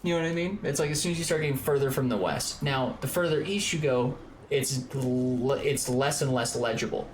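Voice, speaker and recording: A man's voice: mid-range voice, fairly quick, slight background noise. Rambling Southern-born man streaming games. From Georgia, US South. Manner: rambling, filler-heavy, excitable. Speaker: streamer, co-host. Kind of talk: casual gaming stream chat.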